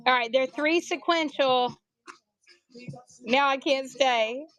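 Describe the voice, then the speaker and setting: Woman, country accent, livestream seller, jokey and chatty with viewers, high voice. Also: slow pace, fairly bright tone, lo-fi sound, soft background music. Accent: American country. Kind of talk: casual live sales chat.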